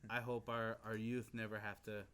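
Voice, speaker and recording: A man hosting a podcast, telling his story in a relaxed, casual way, full of fillers and casual swearing. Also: fairly low pitch, normal speed, clear, resonant tone. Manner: laid-back, heavy on fillers like "you know what I mean", swears casually. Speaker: podcast host. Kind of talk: casual storytelling in a men's talk circle.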